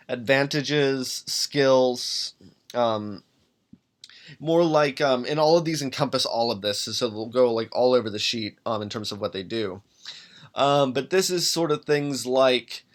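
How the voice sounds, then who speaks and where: A man hosting a tabletop game podcast, talking casually on his own as he builds a character, thinking aloud with many pauses and restarts. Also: medium pitch, a bit bright. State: has the hiccups. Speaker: podcast host making a character. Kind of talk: casual solo walkthrough.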